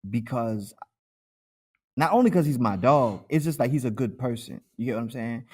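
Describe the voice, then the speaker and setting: A man's voice: medium pitch, animated, moderate pace, a little mellow, breathy edge. A man co-hosting a casual podcast chat, loose and profane, laughing often and acting out the people in his stories. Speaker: podcast co-host.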